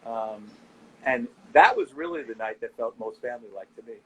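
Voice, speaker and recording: Middle-aged guy spinning nightlife stories, mid pitch, slight hiss in the background. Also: normal speed. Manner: animated anecdotes, quoting people. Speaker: nightlife owner and guest. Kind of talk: casual interview storytelling.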